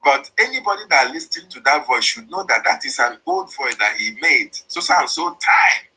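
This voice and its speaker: A man's voice: mid-range voice, big pitch swings, moderate pace, sharp tone, slightly rough, low-quality recording. A man with a Nigerian accent giving an impassioned political monologue, repeating and stressing his points as he denounces opponents. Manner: repetitive, emphatic, denouncing opponents. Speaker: speaker on a political online broadcast.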